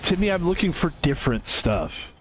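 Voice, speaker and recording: Brief: male game streamer, rambling and off the cuff, fairly high lively voice. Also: moderate pace, faint music behind. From United States. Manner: rambling, self-interrupting, laughs often. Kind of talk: casual stream chat.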